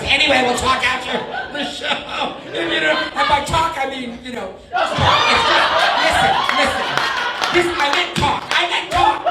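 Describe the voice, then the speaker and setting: A middle-aged woman from Canada doing a stand-up comedy set, talking in rapid asides with sudden loud, swearing outbursts. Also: on the high side. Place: comedy club stage. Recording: echoey room with crowd laughter. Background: audience laughter.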